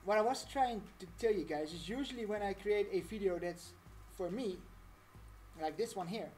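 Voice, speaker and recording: A woman's voice: medium pitch, moderate pace, darkish tone, a little hiss or hum. A woman talking through a casual live-stream tutorial, chatty and rambling, laughing often.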